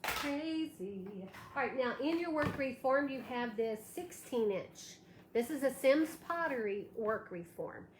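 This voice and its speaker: A woman's voice: sits high, lively intonation, measured pace. A tired woman hosting a live craft tutorial, thanking viewers by name as she demonstrates. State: a little tired, allergies. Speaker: craft livestream host. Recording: echoey room with faint background noise.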